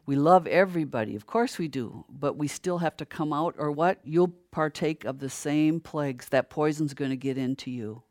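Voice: normal speed, few pauses, dry recording. Older preacher, dry close sound, rhetorical questions, heats up as the point builds. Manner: asks rhetorical questions and answers them; grows louder and higher when stirred. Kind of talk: sermon.

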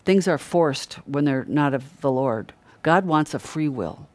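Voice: medium pitch, animated, measured pace, no echo. A middle-aged preacher giving an earnest, conversational sermon and stressing key words by repeating them. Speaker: Christian preacher.

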